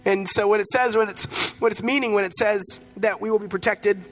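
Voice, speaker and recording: A man with a notably high voice preaches a sermon as pastor. He talks in a relaxed, conversational way, weaving in stories and light humor. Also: fairly quick, soft background music.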